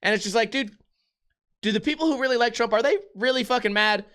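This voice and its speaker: A young American man hosting a casual vlog, telling bar stories with lots of swearing and animated retellings. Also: very high-pitched, fast. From United States. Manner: profane, animated storytelling. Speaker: vlog host. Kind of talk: casual chat.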